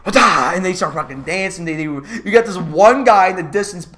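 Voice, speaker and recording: A vlogger rants about a movie in a casual, comedic review, animated, swearing often and laughing. The voice is medium in pitch with a moderate pace.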